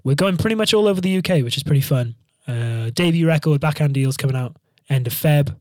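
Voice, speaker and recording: A young band frontman with a slightly high voice speaks briskly in studio quality with no room sound. On his podcast he shares a travel story as an animated, casual monologue, swearing liberally and acting out the quotes.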